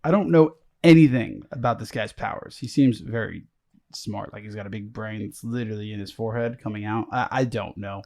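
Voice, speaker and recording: Laid-back, rambling young podcast co-host. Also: male voice, on the low side, brisk, a little mellow. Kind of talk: casual chat.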